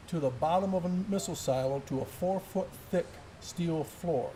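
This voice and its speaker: A middle-aged man with a fairly high voice tells an old army story in a gun shop. He is animated and laughs through his words, and a faint hiss of noise sits under him. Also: normal speed, few pauses. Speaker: former Special Forces soldier. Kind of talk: casual chat, war story.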